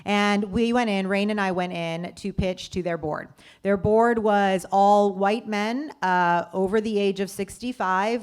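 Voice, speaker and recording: A woman co-founder telling an anecdote in an interview, acting out the voices of the people she quotes. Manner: lively storyteller acting out quoted voices with big pitch jumps. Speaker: company co-founder, interview guest.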